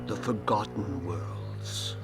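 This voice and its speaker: Slow, grave old dragon elder. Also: male voice, on the low side. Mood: solemn. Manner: slow, solemn and urging. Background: game music.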